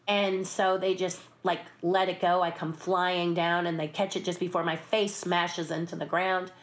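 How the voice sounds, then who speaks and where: A woman telling backstage stories in a relaxed interview, her voice sitting a touch low. She keeps it lively and animated, jumping into little acted-out voices and laughing along the way. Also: normal speed. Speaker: puppeteer and stunt performer, interview guest. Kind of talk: casual anecdotal storytelling.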